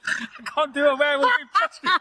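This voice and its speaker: Very high-pitched, pushed and bright, and fairly quick, this man's voice comes through a rough recording. Out in nature, the channel host tells a folktale in casual spoken fashion, meandering and chatty, trading laughs and jokes with a companion.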